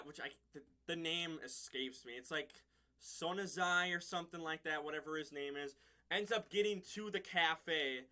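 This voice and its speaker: A man's voice: fairly high pitch, bright, forceful tone. A man giving a casual episode review, rambling through the plot and chuckling often between points.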